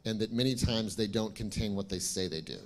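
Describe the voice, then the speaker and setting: A man's voice: fairly low pitch, a little fast. A man moderating a conference panel, chatting casually as he adds comments and puts questions to the speakers. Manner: conversational, posing questions to the panel.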